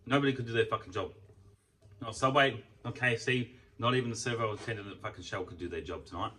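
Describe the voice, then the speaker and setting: Australian man, young, ranting, swears a lot, bright voice, a bit off the mic. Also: on the low side, fast, recorded from a distance, slight background noise. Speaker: vlogger. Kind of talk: casual venting rant.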